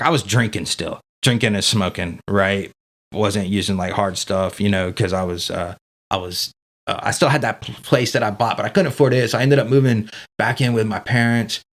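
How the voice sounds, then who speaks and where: Low-voiced man, candid and profane. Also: a bit bright. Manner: candid and profane, heavy with fillers like dude and man. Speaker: podcast guest. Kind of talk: casual storytelling.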